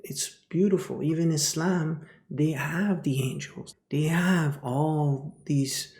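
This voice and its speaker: A man's voice: on the high side, slow pace, darkish tone. A man giving a spiritual teaching talk, dropping into whispers and repeating phrases like a chant. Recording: roomy echo.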